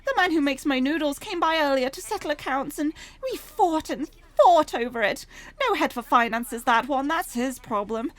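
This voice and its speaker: A woman's voice: animated, moderate pace, fairly bright tone. Woman doing a fussy older noodle-shop lady. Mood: complaining. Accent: British. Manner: fussy, complaining, high and sing-song.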